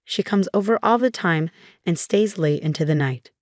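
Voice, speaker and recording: A woman telling a first-person story in plain, steady narration. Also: lowish voice, moderate pace, dry recording, studio quality.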